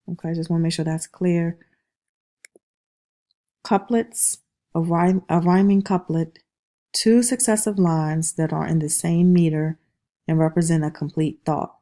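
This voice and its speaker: A woman's voice: lowish voice, dark tone. A woman teaching a class who keeps checking in with "okay?" and taps out rhythms aloud. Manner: checks understanding with repeated "okay?". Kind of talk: classroom lecture.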